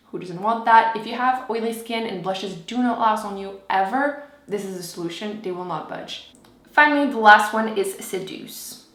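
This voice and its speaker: A young woman gushes her way through a makeup review in a chatty, enthusiastic voice of medium pitch, full of fillers and asides. She talks casually to her viewers from a room at home, and her voice carries a noticeable roomy echo. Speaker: beauty vlogger.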